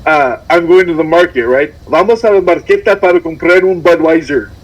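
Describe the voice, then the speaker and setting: A man's voice: fairly high pitch, fairly quick, dull audio. A man hosting a radio chat, curious and asking his guests questions. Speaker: radio host. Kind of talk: casual chat.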